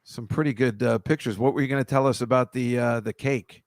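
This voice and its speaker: Male host: dry close sound, mid pitch, blunt and profane. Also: steady tone, fairly quick, dry recording. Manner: emphatic, profane reactions. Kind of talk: casual chat.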